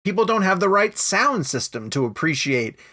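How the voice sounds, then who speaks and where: A man's voice: high voice, very animated, normal speed, pushed and bright. A man hosting a film podcast, steering the interview toward his next question. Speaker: podcast host.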